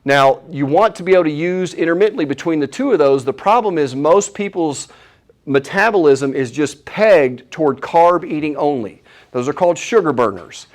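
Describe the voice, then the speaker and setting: A man giving a live health seminar, opinionated and animated, asking the audience questions as he goes. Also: a little high, moderate pace. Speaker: chiropractor giving a health talk.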